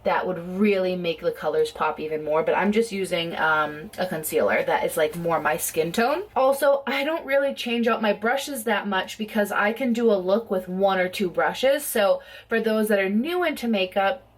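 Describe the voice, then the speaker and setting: A woman's voice: medium pitch, normal speed, few pauses. A woman chatting casually at home as she does a makeup tutorial, talking in a rambling way full of "like" and "um". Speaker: beauty vlogger.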